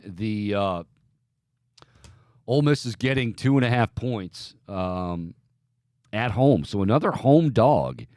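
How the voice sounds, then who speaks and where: A man's voice: medium pitch, a little mellow, no echo, clean studio sound. Joking man hosting a sports betting show. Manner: loose, joking, opinionated. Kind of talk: casual sports talk.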